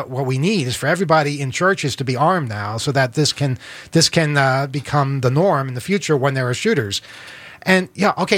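A man with a New York accent hosting a political talk show, earnest and halting with many fillers. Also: on the high side, fairly bright tone, no echo. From Queens, New York. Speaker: show host.

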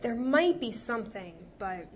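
Figure: a woman doing a cunning female healer. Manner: sweet, soothing, falsely sympathetic. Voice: fairly high, with a faint hiss behind. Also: big pitch swings, measured pace. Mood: feigned sorrow.

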